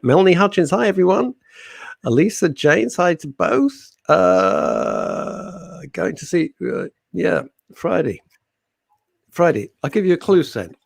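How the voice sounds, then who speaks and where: A man's voice: a little high, wildly swooping pitch, slow pace, gravelly, dry recording, studio quality. A man co-hosting a radio chat show, reading listener messages with jokey, teasing banter. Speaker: radio co-host.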